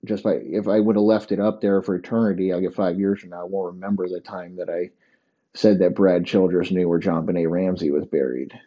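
A man's voice: low voice, flat delivery, fairly quick, muffled recording. A man hosting a solo comedy podcast, rambling and provocative, swearing constantly. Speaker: podcast host.

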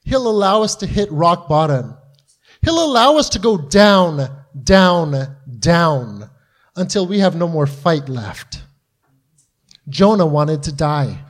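A man with a high voice preaching to his congregation. He talks earnestly and acts out the quoted voices in the stories he retells. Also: animated, unhurried. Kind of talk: sermon.

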